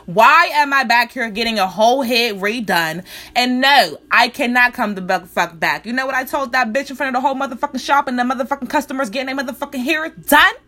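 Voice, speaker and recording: A woman's voice: a little high, fairly quick, pushed and bright. A young woman telling a story as a heated, profanity-filled, confrontational rant to the camera. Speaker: law student.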